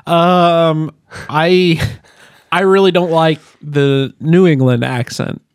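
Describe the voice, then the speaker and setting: A man co-hosting a casual podcast, making blunt, deadpan jokes. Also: a little high, slow, clear, resonant tone, no echo, studio quality. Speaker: podcast co-host. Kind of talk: casual chat over beers.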